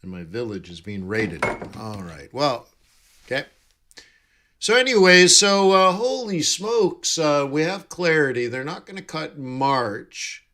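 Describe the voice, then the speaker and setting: A man's voice: fairly high pitch, animated, measured pace, sharp tone. A man hosting a live trading stream, chatting casually and jokily with viewers while reading their comments. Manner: chatty, jokey, reads out chat and answers viewers.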